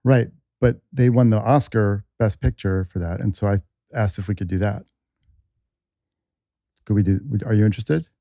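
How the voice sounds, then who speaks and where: Male podcast guest, deadpan, warm mellow tone, dry studio sound. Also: fairly low pitch, normal speed, no room sound. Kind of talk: casual chat.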